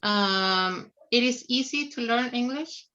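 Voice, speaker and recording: Slow, bright-voiced female student on dull audio. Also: fairly high pitch. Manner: hesitant, self-correcting.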